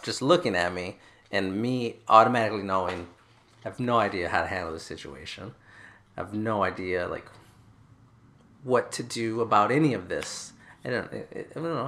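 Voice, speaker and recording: A man's voice: mid-range voice, fairly bright tone. A man from Texas, a guest author telling a story in a casual chat, wry and self-mocking, often trailing off into laughs.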